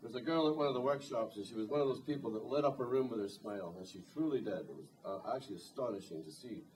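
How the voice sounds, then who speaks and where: A man's voice: medium pitch, quick pace, a little mellow, a little hiss or hum. A man and singer-songwriter introducing a song at a live concert, telling a rambling story with dry humor. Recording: distant live concert recording, faint guitar.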